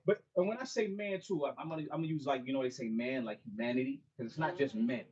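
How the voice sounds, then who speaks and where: A man's voice: mid-range voice, fast talker, few pauses, a little mellow, muffled recording. A middle-aged man, an author and mentor, talking casually to a small audience at a bookstore launch, often saying "you know what I mean.". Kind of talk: casual talk and a cappella spoken-word song.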